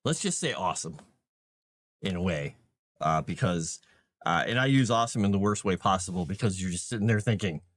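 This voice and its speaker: A man's voice: low voice, fairly quick, dry recording. Chatty, rambling man on a dry mic. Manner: rambling, chatty, with many fillers and restarts. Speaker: livestream host and game master. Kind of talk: casual livestream chat.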